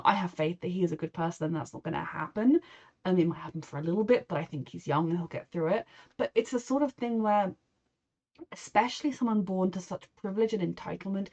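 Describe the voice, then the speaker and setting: She's a reaction video host from England, medium-pitched with a darkish tone, giving rambling, emotional commentary on a show and quoting people in mock voices.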